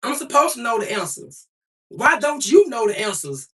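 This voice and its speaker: A defiant young adult woman argues with her livestream chat, profane, preachy and confrontational. Her bright, sharp voice is fairly high with big pitch swings, moving at normal speed, and she sounds somewhat distant because she sits a little back from the mic.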